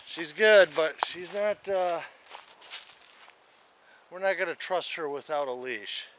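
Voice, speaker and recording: A man chats his way through a camping vlog in a relaxed, rambling manner, often talking to his dog. His voice is bright and forward. He is recorded outdoors at a forest campsite with faint outdoor noise behind him. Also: on the high side, slow pace. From Michigan. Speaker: camping vlogger. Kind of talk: casual outdoor vlog narration.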